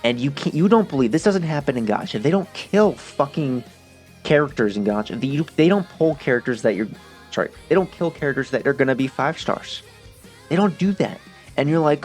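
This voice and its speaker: A man giving casual, emotional game-review commentary as a video creator, animated and quick to swear. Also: mid-range voice, faint music behind.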